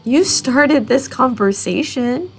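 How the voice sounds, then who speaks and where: A woman's voice: sits high, expressive, slow pace, soft background music, full character voice. A woman voicing a guarded, lone-wolf brawler with a Southern country accent and curt, clipped replies. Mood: gruff.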